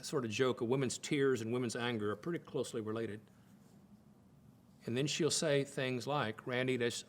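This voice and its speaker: A man's voice: medium pitch, fairly bright tone, slight background noise. An older man giving a folksy, conversational teaching talk at a Bible college, often repeating words as he thinks aloud.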